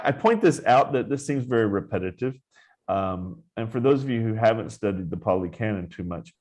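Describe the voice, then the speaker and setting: A man who teaches Zen meditation, giving an informal dharma talk in a relaxed, conversational way. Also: fairly low pitch.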